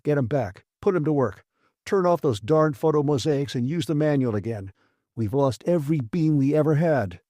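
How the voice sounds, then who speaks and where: A man's voice: a little high, expressive, normal speed, warm tone, no echo, studio quality, close to an everyday voice. A man voicing a fiery engineer, snapping orders. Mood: exasperated. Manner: snapping, commanding, exasperated. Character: hot-tempered male space station engineer. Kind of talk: audiobook character voice.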